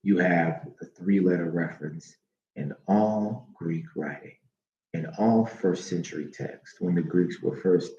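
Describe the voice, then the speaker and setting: Slow, deep-voiced man teaching. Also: mellow. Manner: slow, repeats names aloud, many fillers. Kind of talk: teaching monologue. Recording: dull echoey room recording.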